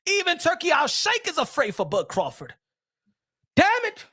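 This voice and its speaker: A man's voice: very high-pitched, huge pitch swings, normal speed, sharp tone, dry recording, clean studio sound. A man, ranting as a profane, mocking boxing commentator.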